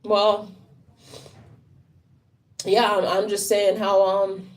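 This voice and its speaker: A woman's voice: mid-range voice, completely flat delivery, extremely slow. A tired woman talking on a casual livestream, rambling, swearing and sounding frustrated.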